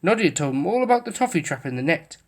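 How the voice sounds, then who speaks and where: Expressive woman reading a children's story. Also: deep voice, fast. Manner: expressive, lilting. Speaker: storybook reader. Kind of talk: children's story read-aloud.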